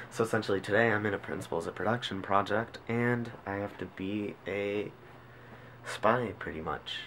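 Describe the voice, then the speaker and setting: A young man vlogging in a casual, self-mocking way. His throat is sore and rough. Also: fairly low pitch, moderate pace, a bit bright. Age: young adult. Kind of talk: casual vlog chat. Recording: noisy school hallway.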